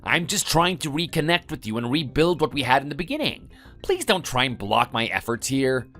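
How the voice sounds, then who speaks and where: A text-to-speech voice voicing a whiny, lazy young husband who blusters and then pleads in a text-message story. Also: male voice, medium pitch, very animated, fairly quick, sharp tone, soft background music. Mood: pleading. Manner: whining, blustering.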